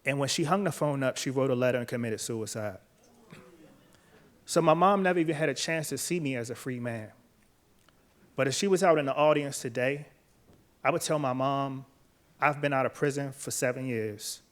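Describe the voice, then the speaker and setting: An earnest man speaks at a middle pitch, measured and steady. His voice drops quiet when the story turns heavy, and he tells it like a talk given on a stage. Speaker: author and speaker. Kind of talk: personal storytelling talk, then interview answers. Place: event stage before a live audience.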